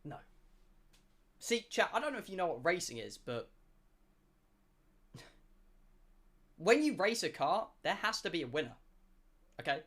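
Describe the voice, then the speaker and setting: Animated man telling a story. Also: high voice, measured pace, long pauses. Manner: animated, swearing, comic exaggeration. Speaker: streamer. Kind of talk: storytelling to a live chat. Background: music.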